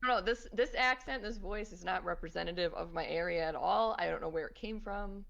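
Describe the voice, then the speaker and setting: A woman's voice: fairly low pitch, a little fast, vocal fry, a bit bright, muffled recording. A young woman from Connecticut, a podcast guest, chatting casually and laughing often. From Connecticut, USA. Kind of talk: casual chat.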